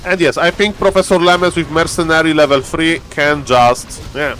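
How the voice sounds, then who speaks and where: Playful male esports caster, slightly high voice. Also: fairly even intonation, moderate pace, a bit bright, slight background noise. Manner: playful, acts out players' thoughts in banter. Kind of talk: live game commentary.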